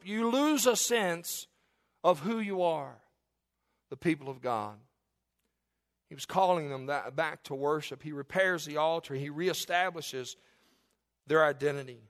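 A male preacher with a high-pitched voice delivers a sermon. He swings from loud, emphatic peaks down to soft, hushed passages. When he reads scripture he slows right down and stretches the words out dramatically. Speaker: pastor.

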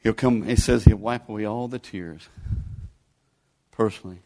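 A man's voice: lowish voice, normal speed, mellow. A man, preaching a sermon in a folksy, pleading, conversational way as a guest preacher. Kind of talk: sermon with altar call.

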